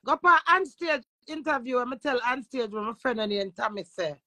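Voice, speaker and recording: A woman with a Jamaican accent, a social media influencer, talking loudly and boastfully in casual patois and swearing freely. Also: fairly high pitch, animated, moderate pace, no room sound. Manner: loud, profane and boastful. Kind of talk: brash casual talk in patois.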